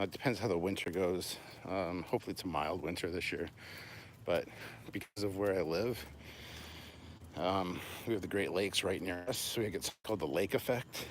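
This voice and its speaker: Man, deep voice, out of breath, casual chat, night walk outdoors, faint noise behind. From Canada. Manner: chatty, self-deprecating, answers viewer questions. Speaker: channel host. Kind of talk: casual live-stream chat while walking.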